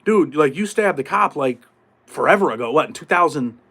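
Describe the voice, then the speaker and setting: Middle-aged male host, high voice, casual street talk, salty language. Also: lively intonation, brisk, vocal fry, fairly bright tone. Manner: streetwise, swearing, acts out prison voices. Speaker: podcast host. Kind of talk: casual live-stream talk.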